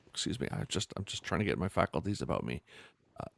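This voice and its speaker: A man's voice: low-pitched, big pitch swings, fast talker, creaky, heavily acted. A man voicing a middle-aged woman woken at three in the morning, groggy and stumbling over her words. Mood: groggy, worried. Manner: sleepy, stumbling, then sharp.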